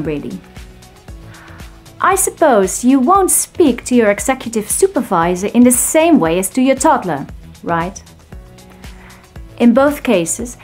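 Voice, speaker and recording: A woman voice trainer narrating an online speech course in a clear, demonstrative instructor manner, over light background music. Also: on the high side.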